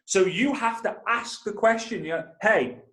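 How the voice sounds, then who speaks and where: A man's voice: high-pitched, moderate pace, echoey room. A man in his thirties, a network marketing trainer telling a story and talking straight to his listeners. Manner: animated, addresses listeners directly. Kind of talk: energetic storytelling talk.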